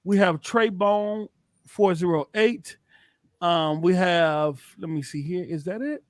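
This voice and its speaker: Male podcast host, high voice, easygoing banter, dry close mic. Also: slow, no echo. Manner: laughing, shouting out chat names. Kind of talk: casual gaming podcast chat.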